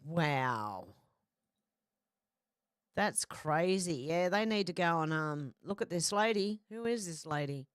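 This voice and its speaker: A woman's voice: on the low side, animated, slow pace, long pauses, clean tone, no echo, studio quality. A blunt, chatty woman hosting a livestream, reading out viewer comments and swearing freely. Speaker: host.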